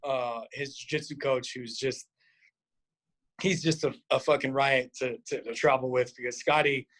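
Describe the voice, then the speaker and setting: A middle-aged man from Nebraska, a boxing coach and podcast guest, telling stories in a casual way, acting out quotes with big jumps in pitch and swearing freely. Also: steady tone, moderate pace, a bit bright. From Nebraska, USA. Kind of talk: casual storytelling.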